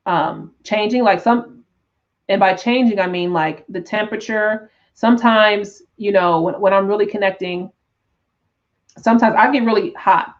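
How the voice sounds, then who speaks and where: A woman teaching tarot on a live stream, talking in an unhurried, reflective way with frequent restarts and "right?" check-ins. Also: medium pitch, highs cut off. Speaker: tarot teacher and spiritual coach.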